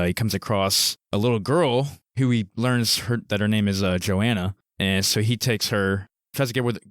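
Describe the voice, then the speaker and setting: Brief: laid-back male podcast co-host, lower voice, dry sound. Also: fairly bright tone, no echo. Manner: easygoing, hesitant with fillers while summarizing. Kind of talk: casual movie discussion.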